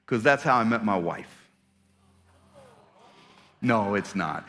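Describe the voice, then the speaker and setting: A man's voice: fairly low pitch, animated, slow pace, pauses often, a bit bright, long reverb tail, slight background noise. A man giving a storytelling sermon as a pastor, playful and self-mocking as he teases the audience. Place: church auditorium.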